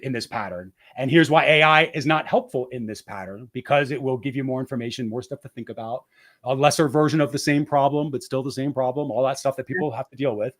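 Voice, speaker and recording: A man's voice: mid-range voice, fast talker, a bit bright. A man talking as a guest in a casual interview, explaining a process step by step with frequent restarts and "right?" tags.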